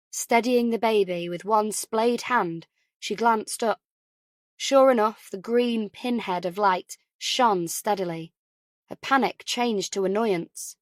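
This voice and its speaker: A woman's voice: mid-range voice, unhurried, dry recording, studio quality. Woman whispering a crime audiobook. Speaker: audiobook narrator. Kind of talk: whispered narration.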